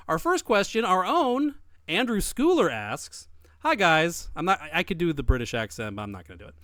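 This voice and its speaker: A man's voice: brisk, no echo, clean studio sound. Emphatic man co-hosting a podcast. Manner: emphatic, animated, with big swings in pitch. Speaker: podcast co-host. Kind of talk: casual podcast chat.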